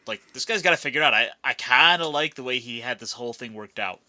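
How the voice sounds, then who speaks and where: A man co-hosting a film podcast who breaks down characters with enthusiasm. His tone is very sharp and tense, at a middling pitch. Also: quick pace. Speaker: podcast co-host. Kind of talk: casual film discussion.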